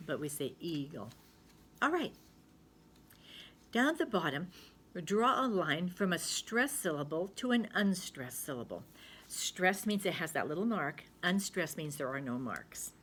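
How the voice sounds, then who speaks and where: A woman's voice: lowish voice, a bit bright, slight background noise. Patient woman teacher sounding out words. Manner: patient, sounding out words slowly and repeating them. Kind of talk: recorded spelling lesson for young students.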